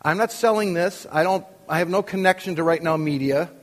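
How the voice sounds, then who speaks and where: A man's voice: sits high, a little fast, in a large hall. An older man preaching as a pastor, conversational and full of questions to the congregation. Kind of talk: sermon. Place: church.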